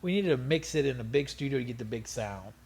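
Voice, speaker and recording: A middle-aged man telling stories as an interview guest, animated and profane, laughing often. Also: medium pitch, fast talker, slightly rough. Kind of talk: casual storytelling interview.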